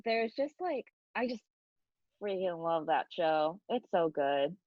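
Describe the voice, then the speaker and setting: Female host, lower voice, chatty; dead-dry muffled video-call audio. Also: big pitch swings, slow pace, no room sound. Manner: chatty, filler-heavy. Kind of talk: casual video-call interview.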